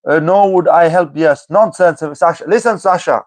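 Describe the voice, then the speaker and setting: A man with a slightly high-pitched voice is chatting on a live stream, answering viewer comments. He teases the viewers, keeps repeating their names and keeps saying "you know what I mean". The sound is dry and close to the mic. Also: moderate pace, dry recording. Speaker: livestreamer replying to chat. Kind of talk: live-stream chat banter.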